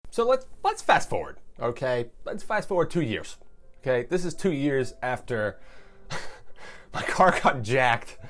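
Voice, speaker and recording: A young man telling a personal story on his channel in an animated, conversational way, often checking in with the listener. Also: mid-range voice. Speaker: YouTuber.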